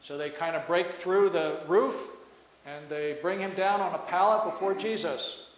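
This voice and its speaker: A man's voice: sits high, a little slow. A man preaching a sermon in earnest, asking rhetorical questions and building to emphatic points. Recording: echoey hall reverb.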